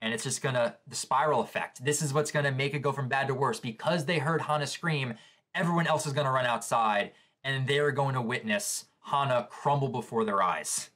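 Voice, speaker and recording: A man's voice: medium pitch, a little fast, a bit bright. Man reacting live to a manga chapter. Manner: narrates panels aloud, reacting with shock.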